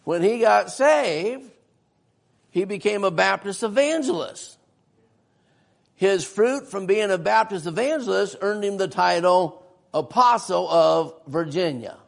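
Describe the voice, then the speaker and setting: A man's voice: sits high, lively intonation, unhurried, gravelly. A man preaching a sermon-style history lesson in a church, folksy and often asking the congregation questions.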